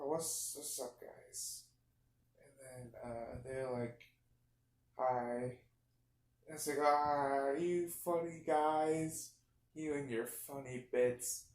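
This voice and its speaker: A young man improvising a rambling, absurd story, full of fillers and restarts. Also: medium pitch. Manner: meandering, filler-heavy, deadpan absurd. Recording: echoey room.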